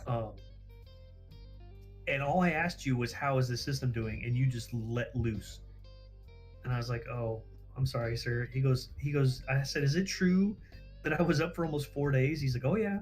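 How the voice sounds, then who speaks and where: A man's voice: medium pitch, fairly even intonation, normal speed, faint music behind. A man casually telling a story on a livestream, acting out quoted dialogue, swearing freely and laughing at himself.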